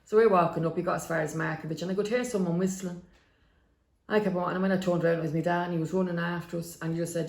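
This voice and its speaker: A middle-aged woman with a Dublin accent tells family stories in a lively, chatty way. Her voice is gravelly and carries a roomy echo. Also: lowish voice, very fast. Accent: Dublin Irish. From inner city Dublin. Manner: lively storyteller, acts out quotes. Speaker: guest. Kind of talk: storytelling in a podcast interview.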